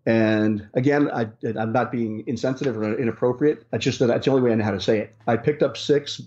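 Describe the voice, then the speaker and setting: A man's voice: mid-range voice, fairly even intonation, fast talker, darkish tone. A man working as a rideshare driver, telling stories in an interview in a rambling way, with many restarts and fillers. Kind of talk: casual storytelling in an interview. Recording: dull lo-fi sound.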